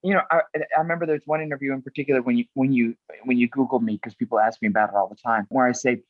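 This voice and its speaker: A woman's voice: a bass voice, fairly even intonation, rapid-fire, few pauses, no room sound. A middle-aged woman, an actress and producer, being interviewed on a podcast. She rambles animatedly through her stories and acts out other people's voices. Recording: dull, dry remote recording.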